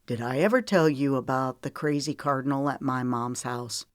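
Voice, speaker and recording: In an audiobook, a woman narrator voices a weary, protective man who speaks bluntly and earnestly in a low register at a moderate pace. The recording is close and dry, with no echo.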